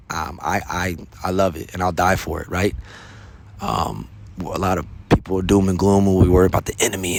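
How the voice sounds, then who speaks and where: An American man hosting a podcast, speaking in an earnest, casual monologue, often tagging his sentences with "man" and "right?". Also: low voice. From United States. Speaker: podcast host.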